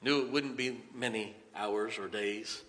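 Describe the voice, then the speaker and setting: In a church sanctuary, a male pastor with a lowish, fairly bright voice preaches unhurriedly, telling a story before urging his congregation. He builds from storytelling into emphatic exhortation, and the large hall is audible.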